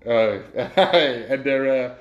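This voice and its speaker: A man's voice: medium pitch, drawn-out words, dull audio. A man telling football stories in a casual chat, rambling with many restarts. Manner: rambling storyteller, hesitant restarts. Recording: roomy echo.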